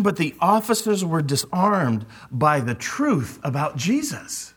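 A man's voice: on the high side, sing-song, measured pace, few pauses, fairly bright tone, husky. A man preaching a sermon, speaking animatedly and acting out quoted lines with emphasis. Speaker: pastor.

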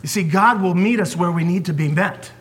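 A man preaching a sermon as a pastor, swinging from forceful emphasis down to hushed whispers. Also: sits high, fairly quick, husky.

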